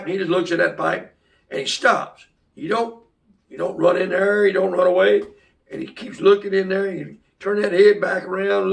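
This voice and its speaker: A man's voice: high voice, vocal fry, recorded from a distance. A man from South Carolina telling a folksy story, rambling along with restarts and asides.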